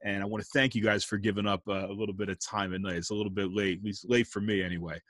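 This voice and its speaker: A man hosting a casual interview over a video call, relaxed and friendly, using jazz slang. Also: on the low side, rapid-fire, dry recording. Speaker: host, band director.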